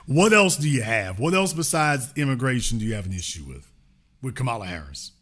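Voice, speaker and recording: A man's voice: medium pitch, sing-song, brisk, fairly bright tone. A man hosting a call-in show, pressing a caller with repeated questions and cutting in with "ma'am.". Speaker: show host. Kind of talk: confrontational call-in debate.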